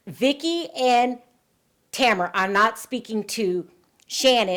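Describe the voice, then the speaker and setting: A woman hosting a celebrity gossip commentary, sarcastic and indignant, often exclaiming at what she reads out. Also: fairly high pitch. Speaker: reality TV commentary host.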